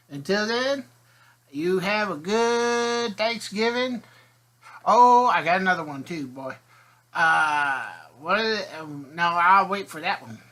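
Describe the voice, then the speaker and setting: A man's voice: fairly high pitch, bright, forceful tone. A man telling a rambling, folksy comic story as a video host.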